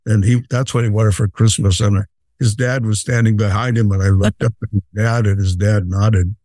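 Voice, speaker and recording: An actor playing a jolly, patient old Santa Claus, telling unhurried, fatherly anecdotes with many fillers in an interview. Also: on the low side, steady tone, mellow, dry recording, lightly acted. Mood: gentle. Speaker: interview guest. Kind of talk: in-character storytelling interview.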